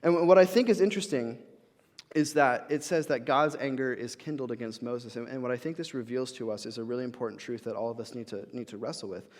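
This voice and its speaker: A man's voice: medium pitch, fast, darkish tone. A young adult man giving a guest sermon in a church, talking casually with frequent fillers and restarts. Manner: conversational, many fillers and restarts. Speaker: guest speaker. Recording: reverberant church hall.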